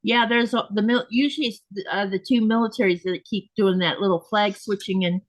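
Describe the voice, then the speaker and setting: A woman chatting casually at her home sewing desk as a show host. She rambles along, restarting her sentences and laughing easily. Her voice sits at a middle pitch, and the sound is dry and close. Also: steady tone, a little fast, dry recording, rough recording. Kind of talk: casual chat while sewing.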